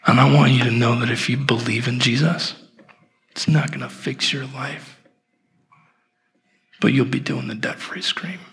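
A man in his thirties preaching a sermon at an evening church service, telling a story with humor and warmth. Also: mid-range voice, measured pace, long pauses, slightly rough. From Portland, Oregon. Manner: animated storytelling with self-deprecating humor. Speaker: pastor.

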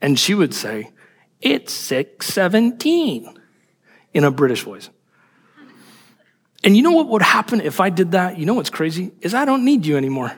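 A man preaching a sermon in an animated, emphatic way, asking rhetorical questions. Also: high voice, brisk, husky, big-room sound. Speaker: pastor.

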